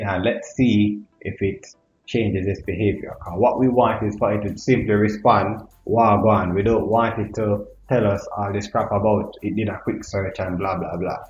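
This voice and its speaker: A man's voice: on the low side, darkish tone. A man presenting a casual tech tutorial. He thinks aloud with curiosity and speaks to his viewers as "guys". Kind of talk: casual screen-recorded tutorial. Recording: echoey, dull lo-fi sound with faint music.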